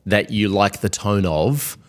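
Low-voiced podcast host recapping points. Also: male voice, measured pace. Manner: sums up and restates the guest's points. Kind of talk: casual podcast chat.

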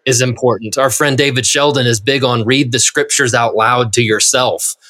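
A man co-hosting a casual chat, encouraging and a bit halting as he talks. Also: mid-range voice, fairly even intonation, pushed and bright, dry recording, clean studio sound. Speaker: podcast co-host.

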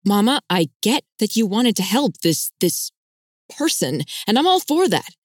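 A woman's voice: mid-range voice, big pitch swings, measured pace, no echo, studio quality, voice pushed up. A woman voicing a frustrated, worried young man who speaks urgently and with exasperation. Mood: exasperated.

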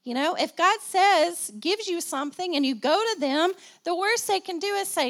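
Woman pastor, high voice, sermon delivery with call-and-response, slight cough. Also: lively intonation, normal speed, few pauses, a bit bright. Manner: preaching with call-and-response, repeating phrases for emphasis.

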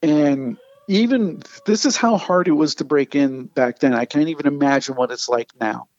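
A man, a comic artist, telling animated anecdotes in casual conversation and acting out the people he quotes. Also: a little high, normal speed, dry recording, lo-fi sound. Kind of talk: casual storytelling.

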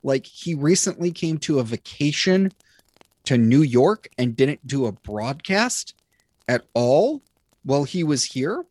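A man's voice: mid-range voice, big pitch swings, measured pace, darkish tone, no echo. A young man co-hosting a podcast, chatting casually and rambling with many restarts. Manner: rambling, lots of fillers and restarts. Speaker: podcast co-host. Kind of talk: casual chat.

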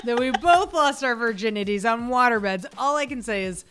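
A middle-aged woman co-hosting a comedy podcast with wry, quick banter and an upbeat announcing delivery. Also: fairly high pitch, expressive, fairly bright tone, slight background noise. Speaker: podcast co-host.

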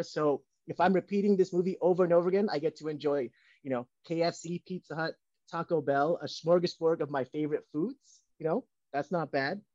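A man's voice: a little high, darkish tone, no echo, lo-fi sound. A man co-hosting a podcast in casual banter, joking and rambling with lots of ums. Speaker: podcast co-host. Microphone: home setup on video call.

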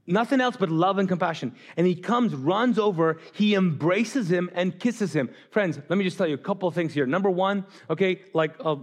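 A man from the Middle East preaching a sermon as pastor, conversational and animated, asking the crowd questions and acting out quotes. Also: normal speed, hardly any pauses. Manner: animated, acts out quotes with sudden pitch jumps; conversational, asks the audience questions.

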